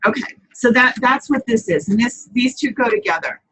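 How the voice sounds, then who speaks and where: A woman's voice: on the high side, expressive, moderate pace, fairly bright tone, a little hiss or hum, rough recording. A woman hosting a live papercrafting chat, talking casually, answering viewers by name and often correcting herself as she goes.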